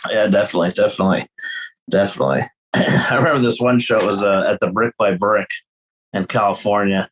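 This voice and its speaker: A guest guitarist in a loose podcast chat tells tour stories with lots of energy, his pitch leaping high whenever he acts out what someone said. He swears freely and laughs through his own tales, speaking a little fast in a husky voice on a rough recording.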